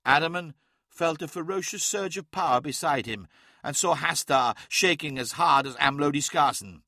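A man narrates dramatic fiction in measured, vivid storytelling. His tone is bright and crisp, recorded dry and close. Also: fairly high pitch, dry recording. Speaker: audiobook narrator.

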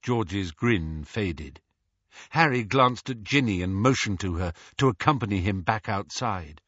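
A man narrating an audiobook in an expressive storytelling manner. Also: on the low side, unhurried, no room sound, dull audio.

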